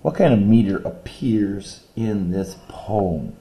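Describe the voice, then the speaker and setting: A male teacher with a lowish, mellow voice records a lesson video. He patiently walks through a poem step by step, reading its lines aloud slowly.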